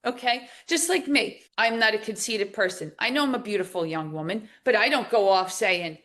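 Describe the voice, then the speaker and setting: Animated middle-aged woman telling stories. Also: mid-range voice, moderate pace. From New Jersey, USA. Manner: animated storyteller, lively emphatic outbursts. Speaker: podcast guest. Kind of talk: casual conversational interview.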